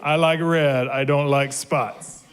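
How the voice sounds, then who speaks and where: A man's voice: on the high side, steady tone, takes it slowly, smooth. A man voicing a stubborn, contrary squirrel in a storybook read-aloud, drawing out each reply.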